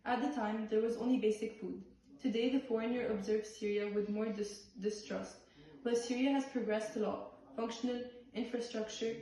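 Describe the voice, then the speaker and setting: A woman performing a play by reading the script aloud in a halting way, with restarts on some words. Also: a little high, mellow. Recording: far-off voice in a very echoey room.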